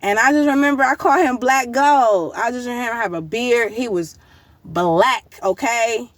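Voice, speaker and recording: Excited woman retelling a vivid dream. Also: a little high, measured pace, dry recording. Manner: excited, animated slang-heavy retelling with many fillers. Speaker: vlogger recounting a dream. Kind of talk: casual storytelling to camera.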